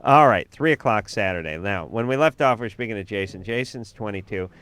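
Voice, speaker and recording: A man's voice: fairly low pitch, expressive, a little fast, a bit bright, clear, resonant tone. A man hosting a late-night radio call-in show, upbeat and joking, reading promos with lots of fillers. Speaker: radio host.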